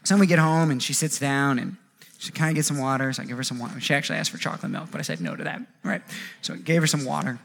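A man in his thirties preaching a sermon, animated, acting out quoted voices and often repeating words as he goes. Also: mid-range voice, rapid-fire, gravelly. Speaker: pastor.

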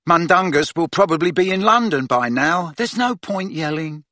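A man's voice: fairly high pitch, expressive, normal speed, pushed and bright, no room sound, pitched above the performer's own voice. A man voicing an untroubled young woman who speaks in a matter-of-fact way in an audiobook. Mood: calm. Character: calm young female witch.

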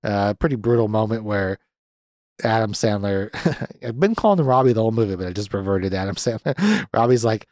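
A man's voice: fairly low pitch, expressive, a little fast, darkish tone, no echo, studio quality. A man in his thirties hosting a podcast, chatting casually and ramblingly about a film and swearing freely. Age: 30s. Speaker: podcast host. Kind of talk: casual movie review chat.

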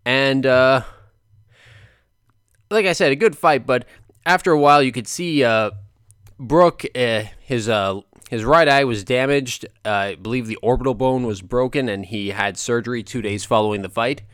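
A man talking through a boxing fight in a casual, animated monologue with lots of filler words. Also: mid-range voice, normal speed, clear, resonant tone, no echo, studio quality. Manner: animated, chatty, frequent fillers. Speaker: boxing commentator vlogger.

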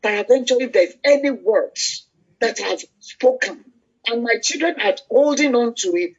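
A woman's voice: fairly high pitch, expressive, breathy edge. An older woman, preaching in a conversational way and leading prayer, telling stories with many fillers and restarts. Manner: storytelling, halting with fillers and restarts. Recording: muffled lo-fi recording.

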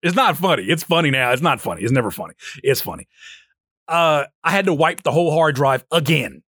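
A man in his thirties hosting a casual solo podcast and telling a story with energy, often jumping into a high voice when he quotes himself. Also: expressive, brisk, a bit bright, slightly rough, no room sound, studio quality. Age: 30s. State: sleep-deprived. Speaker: podcast host.

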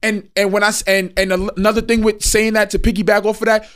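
High-voiced man preaching in casual chat. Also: little pitch movement, fast talker, a bit bright. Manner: preachy, profane, keeps asking "you feel me".

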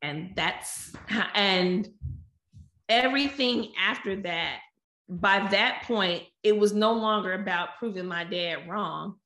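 A woman telling a personal story in a lively, animated way, acting out the quotes. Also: medium pitch, slow. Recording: echoey room.

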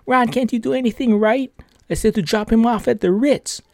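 A man's voice: very high-pitched, moderate pace, creaky, darkish tone, dry recording, clean studio sound, voice pushed up. A man voicing his exasperated male boss, scolding and ranting at a worker.

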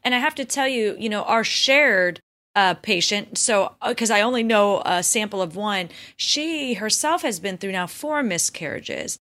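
A woman's voice: mid-range voice, expressive, unhurried, a bit bright. A woman doctor hosting an interview podcast, talking effusively and retelling stories with animation. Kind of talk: conversational interview.

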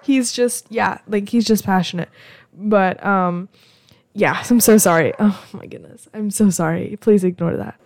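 A woman's voice: medium pitch, a little slow, a little mellow, no room sound, studio quality. Impassioned young woman ranting to camera. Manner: heated, impassioned, many restarts. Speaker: podcast host. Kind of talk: casual solo rant.

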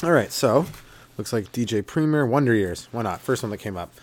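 A man's voice: mid-range voice, expressive, fairly quick, slight background noise. A man riffing loosely as a comedy podcast host, rambling and profane and chuckling often. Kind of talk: improvised stand-up riffing.

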